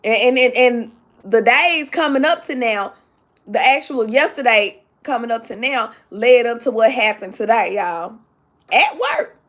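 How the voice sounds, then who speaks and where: A woman's voice: on the high side, expressive, unhurried, a bit bright. Emotional woman telling a live-stream story. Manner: emotional, talks to the chat directly, repeats herself. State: close to tears. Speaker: livestream host telling a story.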